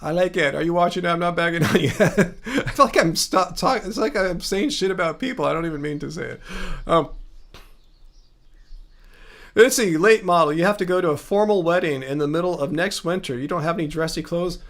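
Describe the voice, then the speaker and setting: High-voiced man chatting on a livestream. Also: fairly quick, fairly bright tone. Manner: rambling, chatty, frequent fillers and self-corrections. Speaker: livestream host. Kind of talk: casual livestream chat reading viewer comments.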